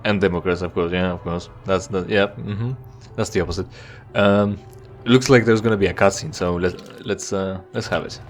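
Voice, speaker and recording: A man's voice: deep voice, steady tone, moderate pace, few pauses. A man giving casual, joking commentary while playing a game, rambling with stammered restarts. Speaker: let's play gamer.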